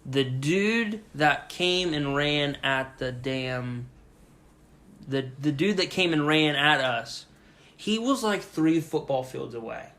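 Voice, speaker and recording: A young man co-hosting a podcast, telling a story casually and with lots of swearing, shouting out the lines he quotes. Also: fairly high pitch, slow pace, slight background noise. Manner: profane, animated retelling with loud shouted quotes. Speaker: podcast co-host.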